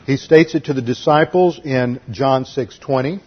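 Husky male Bible teacher, methodical. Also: mid-range voice, normal speed, highs cut off. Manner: methodical, lists numbered points and spells out words. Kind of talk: expository sermon.

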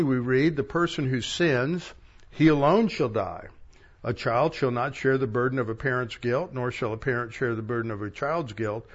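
A male pastor giving a sermon, reading verses aloud and pausing for plain-spoken asides. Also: medium pitch, husky, lo-fi sound. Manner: reads verses aloud, stressing key words, with asides. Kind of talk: sermon teaching from scripture.

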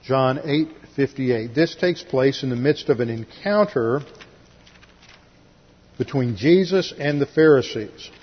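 A man's voice: medium pitch, lively intonation, measured pace, pauses often, husky. A man teaching a Bible class in a methodical way, walking through verses with dry asides, in a church sanctuary. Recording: lo-fi recording, long hall reverb.

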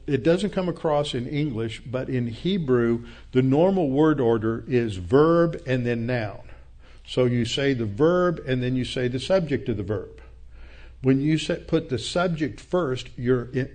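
A man's voice: medium pitch, a little mellow. A man giving verse-by-verse Bible teaching, emphatic on key points, who wanders off and loses his thread mid-sentence.

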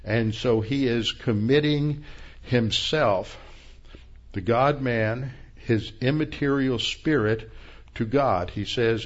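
A man's voice: mid-range voice, muffled recording. A man preaching an expository sermon, working methodically through Bible verses and the Greek and Hebrew terms behind them. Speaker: pastor.

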